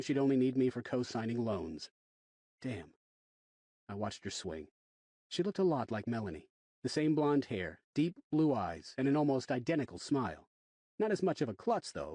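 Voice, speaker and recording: A man narrating a first-person horror audiobook in an expressive, wry way. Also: medium pitch, no room sound.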